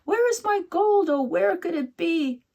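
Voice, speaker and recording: A woman's voice: very high-pitched, animated, a little slow, gravelly, dark tone, pitched above the performer's own voice, exaggerated voice. A woman voicing a grumpy little male leprechaun who grumbles and mumbles to himself, read aloud as a storybook tale. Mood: grumbling. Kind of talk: storybook reading.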